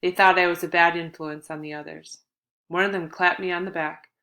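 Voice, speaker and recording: A woman's voice: on the low side, fairly even intonation, a little fast, bright, forceful tone. A woman reading a first-person novel as an audiobook, in an earnest, confiding storytelling manner. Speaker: audiobook narrator.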